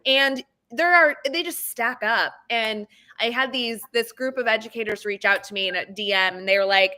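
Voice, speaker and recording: Bubbly woman education podcaster, bright voice. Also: fairly high pitch. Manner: bubbly, fast-talking, chatty. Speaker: education podcaster and course creator. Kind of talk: casual panel chat.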